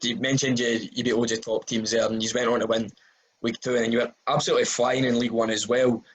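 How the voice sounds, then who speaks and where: A Scottish man interviewing a guest, asking relaxed questions and laughing along. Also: mid-range voice, fast, slight background noise, poor audio.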